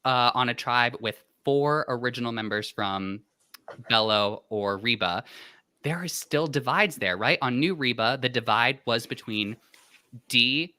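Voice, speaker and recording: A man co-hosting a podcast, talking in animated bursts in casual discussion. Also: medium pitch, a little slow, smooth, dry recording, studio quality. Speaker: podcast co-host.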